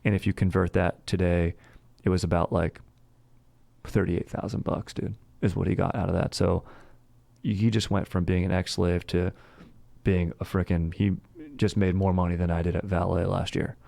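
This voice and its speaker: A man hosts a podcast and rambles through a history story in a relaxed, slangy way, full of fillers and restarts. His voice sits very low with a gravelly fry, and the recording is dry and close. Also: moderate pace, no room sound. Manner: slangy and laid-back, says "dude" and "frickin'" a lot.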